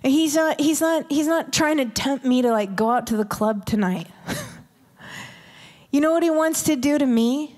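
A woman's voice: high voice, moderate pace, a little mellow. A woman preaching a sermon in an intimate way, often dropping to a whisper to stress a point. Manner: intimate, drops to whispers for emphasis. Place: large church hall. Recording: live church hall reverb.

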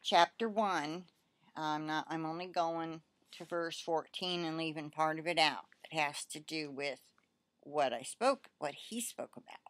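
An older woman slowly reading aloud a message she says she received in prayer, with asides between passages. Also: sits low, steady tone, dry recording. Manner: slow, deliberate reading with soft emphasis and asides. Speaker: Christian prophetic message reader. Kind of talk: reading a received prophecy aloud, then commenting.

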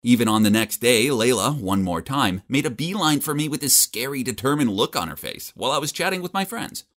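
Wry, animated young man narrator. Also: mid-range voice, brisk. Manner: wry, self-mocking. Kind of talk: storytelling narration.

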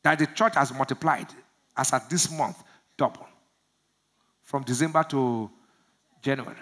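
A pastor from Nigeria preaching a sermon, asking the congregation to finish his lines and swinging from low murmurs to loud shouts. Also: unhurried. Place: church service.

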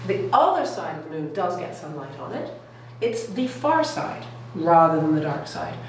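Woman, middle-aged lecturer, low, keen and chatty, very echoey room. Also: wildly swooping pitch, normal speed. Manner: enthusiastic, keeps checking in with "okay?" and "all right?". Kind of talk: public science lecture. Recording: echoey room, distant mic, faint noise.

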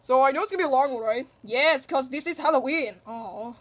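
A woman hosting a toy play video and narrating it in an excitable way, with shrieks and gasps. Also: sits high, a little fast. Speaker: channel host.

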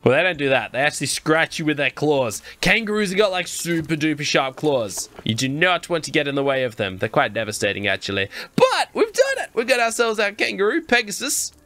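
Speaking fairly quickly with hardly any pauses, a young Australian man delivers Let's Play commentary for his gaming channel. His voice is on the high side, and he's chatty and excitable, addressing viewers directly.

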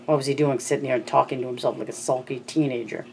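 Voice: mid-range voice, fairly even intonation, fast talker, vocal fry, darkish tone, a little hiss or hum, rough recording. A narrator reading a novel aloud as an amateur audiobook, with frequent slips and restarts.

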